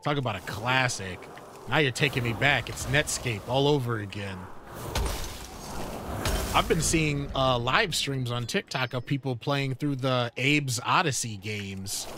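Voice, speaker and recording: A man's voice: mid-range voice, expressive, unhurried, background noise. A man streaming a game live, chatting casually in a rambling, sidetracked way with many fillers. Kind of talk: casual gaming chat. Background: game music.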